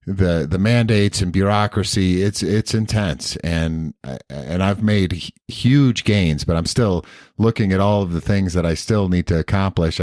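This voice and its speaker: A tired man co-hosting a podcast, talking in a rambling, halting way with many restarts. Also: sits low, a little mellow, dry recording, studio quality. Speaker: podcast co-host. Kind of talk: casual podcast conversation.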